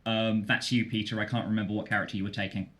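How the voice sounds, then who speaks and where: A man's voice: fairly low pitch, flat delivery, a bit bright. Easygoing man running a tabletop game. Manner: easygoing, halting with fillers. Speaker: game master.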